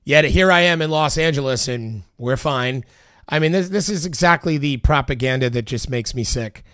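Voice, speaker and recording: Man, political commentary, exasperated, swearing, fairly high voice, dry close sound. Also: normal speed, a bit bright, dry recording. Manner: exasperated, heated, swears often. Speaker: commentator reacting to video clips. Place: Los Angeles.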